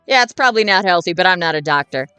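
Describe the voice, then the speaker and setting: A woman reading a dating game aloud and reacting with jokey, animated comments. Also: lowish voice, fast talker, clean tone, dry recording, faint music behind. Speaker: let's-play gamer.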